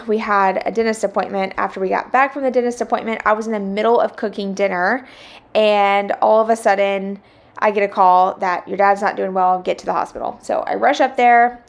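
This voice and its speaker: A young woman with a lilt talks casually to her viewers as she cleans. She vents in a chatty, exasperated way and breaks into laughter often, at an ordinary middle pitch. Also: steady tone, moderate pace. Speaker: vlogger. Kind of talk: casual chat while cleaning.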